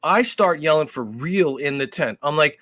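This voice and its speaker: A man co-hosts a podcast, swearing freely as he tells an animated story. His voice sits a little high for a man. The sound is dry and close, with no room echo. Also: normal speed. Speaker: podcast co-host. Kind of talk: casual chat.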